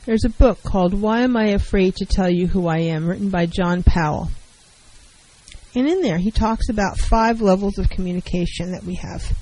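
A middle-aged woman counselor who talks in a calm, measured way and acts out example dialogues. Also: mid-range voice, rough recording. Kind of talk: talk radio advice segment.

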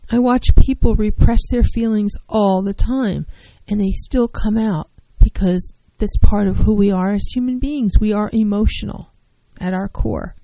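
A woman's voice: medium pitch, a little slow, few pauses, mellow, no echo, poor audio. A middle-aged woman counselor giving an earnest, emphatic talk on handling feelings, repeating key phrases to drive them home. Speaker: licensed professional counselor. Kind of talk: educational talk on mental health.

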